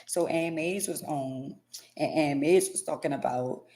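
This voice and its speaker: A woman doing a comedic monologue in slang, acting out an argument between partners in loud and quiet turns. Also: deep voice, a little slow. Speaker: comedic vlogger.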